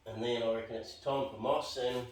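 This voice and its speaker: This is casual work narration from an Australian bonsai vlogger who rambles while potting, muttering and cracking self-deprecating jokes. His medium-pitched voice keeps a fairly even intonation at a moderate pace. The background is noisy, and the distant mic picks up plenty of room.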